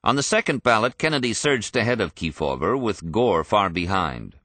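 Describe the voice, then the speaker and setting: A man reading a history audiobook in a measured, even storytelling manner. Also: on the low side, no echo. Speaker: narrator. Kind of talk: scripted audiobook narration.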